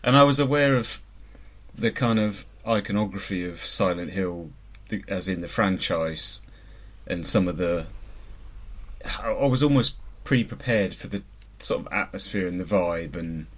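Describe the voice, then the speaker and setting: A man co-hosting a podcast, talking casually and often pausing and restarting. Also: low-pitched, a bit bright. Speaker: podcast co-host. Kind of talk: casual chat.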